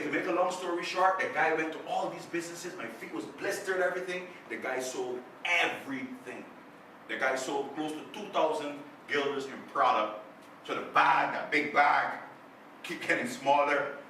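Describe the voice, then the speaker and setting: A man's voice: on the high side, moderate pace. A man giving a motivational talk to a club, telling a story and acting out the voices in it. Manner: animated storyteller, acts out quoted voices. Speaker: guest speaker. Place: club meeting room. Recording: echoey room, distant mic, faint noise.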